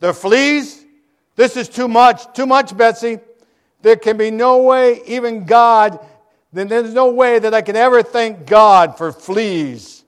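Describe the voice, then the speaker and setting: A man's voice: very high voice, takes it slowly, smooth, pitched above the performer's own voice. A male preacher voicing a frightened, exasperated young woman prisoner in a dramatic reading.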